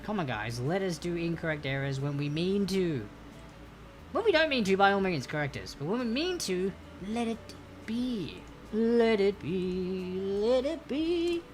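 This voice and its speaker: A woman's voice: on the low side, slight background noise. A woman hosting a live-streamed trivia quiz, chatty and playful, laughing often and reading questions to players.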